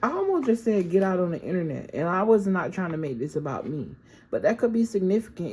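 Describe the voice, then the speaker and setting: A woman's voice: deep voice, expressive, moderate pace, mellow, breathy edge, low-quality recording. A woman giving a casual, affirming tarot reading and often checking in with "okay?". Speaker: tarot reader.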